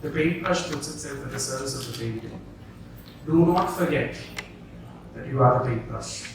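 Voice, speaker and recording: A man's voice: mid-range voice, normal speed, vocal fry, background noise. Teacherly man in an echoey hall. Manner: teacherly, with frequent "okay?" and "right?" check-ins; leads the audience through movement drills. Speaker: pianist giving a talk. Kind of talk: public talk and panel answer. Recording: very echoey hall, distant mic.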